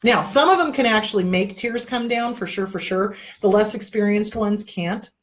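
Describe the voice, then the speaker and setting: A woman's voice: mid-range voice, normal speed. A middle-aged woman hosting an advice talk show, speaking bluntly with frequent swearing and emphatic repetition. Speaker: therapist host. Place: indoor room.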